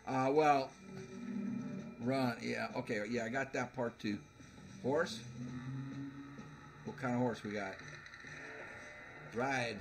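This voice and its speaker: A man playing a video game and commenting as he goes, laughing often and stammering through fillers. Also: mid-range voice. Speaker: let's play host. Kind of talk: gameplay commentary.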